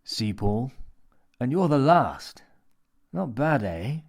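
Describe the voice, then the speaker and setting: A man voicing a menacing, theatrical mad old man who talks in a smooth, coaxing, lecturing way. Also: medium pitch, very animated, takes it slowly, pitched above the performer's own voice, exaggerated voice.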